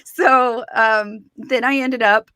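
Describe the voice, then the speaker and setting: A woman, a guest in an interview, telling her story in a lively way and acting out the voices of people she quotes. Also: fairly high pitch, slow, clean tone, dry recording, studio quality. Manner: animated, acts out quoted voices, laughs often.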